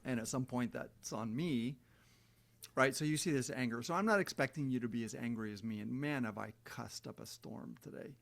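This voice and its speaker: A man's voice: medium pitch, normal speed, vocal fry. A middle-aged man delivering a heated, profane rant straight to his viewers. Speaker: vlogger. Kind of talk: angry rant to camera.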